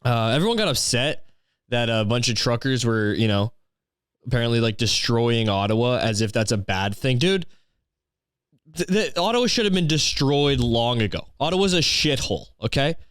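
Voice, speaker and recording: Foul-mouthed young podcast host. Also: male voice, medium pitch, lively intonation, normal speed, fairly bright tone, smooth, dry recording, studio quality. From Canada. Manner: crude, exaggerated, sarcastic, swears constantly. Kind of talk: profane comedic rant.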